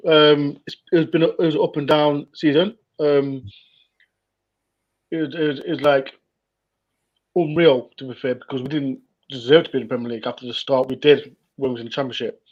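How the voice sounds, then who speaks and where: A man's voice: a little high, brisk. A man guesting on a football chat, talking casually and rambling with lots of hesitations. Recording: dull lo-fi call audio.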